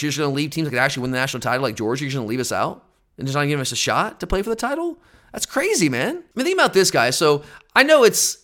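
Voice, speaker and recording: A man's voice: medium pitch, fairly bright tone. A man hosting a sports fan podcast, exasperated and emphatic as he rants about his team. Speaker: podcast host. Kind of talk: opinionated fan podcast rant.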